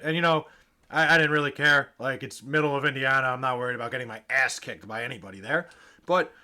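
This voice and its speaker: A man tells his stories to the camera in a high, bright voice. He is casual and animated, swears freely and mimics the people he ran into. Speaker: vlogger telling fan stories.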